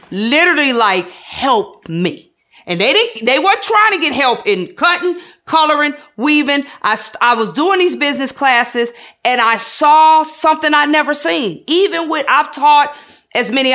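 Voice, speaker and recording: A woman's voice: high voice, fairly bright tone. A woman salon business coach giving an earnest, emotional testimony in a documentary interview, with a preacherly rhythm.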